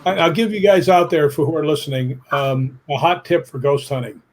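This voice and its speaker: Brisk and a little high in pitch, a middle-aged man tells stories as an interview guest, acting out quoted remarks. His delivery is emphatic and down-to-earth, with some casual swearing.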